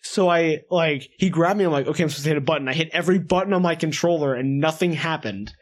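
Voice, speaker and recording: A man with a slightly high voice trades quick, teasing remarks on a casual podcast. He talks in a relaxed, conversational way. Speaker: podcast co-host. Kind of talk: casual podcast chat about video games.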